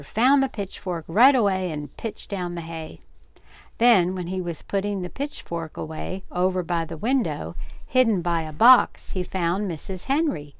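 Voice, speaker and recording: An older woman reading a children's story aloud, gentle and expressive. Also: on the low side, smooth, dry recording.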